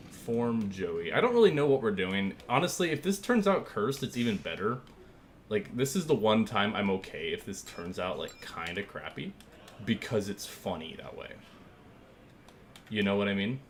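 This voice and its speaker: A male streamer chats casually at his desk mic, his voice sitting on the lower side. He rambles and thinks aloud between fillers, calm and easygoing. A faint background hum stays under his voice. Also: unhurried. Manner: thanks viewers and thinks aloud while working. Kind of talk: casual live-stream chat.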